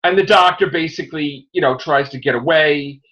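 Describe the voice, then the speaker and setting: A man hosting a casual review podcast, rambling through an animated retelling of a plot. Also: fairly high pitch, a little fast, lo-fi sound. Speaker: podcast host.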